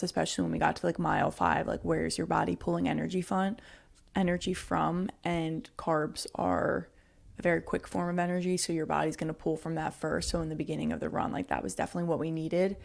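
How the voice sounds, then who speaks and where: A woman's voice: fairly low pitch, little pitch movement, brisk, gravelly, darkish tone. A young woman co-hosting a podcast, chatting casually and giggling, with lots of "like" fillers. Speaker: podcast co-host. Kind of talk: casual chat.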